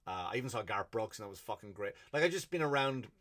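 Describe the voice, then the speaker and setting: A man's voice: on the low side, animated, fast talker, a bit bright. Man, Irish accent, comedian, podcast host, solo rant, blunt, profane. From Ireland.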